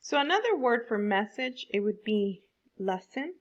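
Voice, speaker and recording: A woman teaching a fourth grade class, explaining slowly and stressing words for young pupils. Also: a little high, very animated, lo-fi sound. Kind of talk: online classroom lesson.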